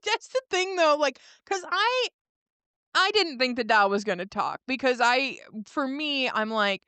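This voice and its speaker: A woman co-hosting a podcast, retelling a show's scenes in a lively, laughing way. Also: high-pitched, unhurried, clear, resonant tone, no room sound. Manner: animated retelling with laughs and quoted lines. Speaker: podcast co-host. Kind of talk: casual recap chat.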